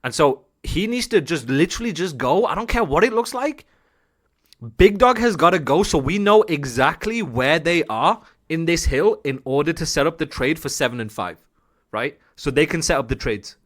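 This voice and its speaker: A man, an esports coach, breaking down gameplay for viewers in an excitable, repetitive, profane way, joking as he goes. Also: fairly high pitch, moderate pace. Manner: laughs and jokes while analysing.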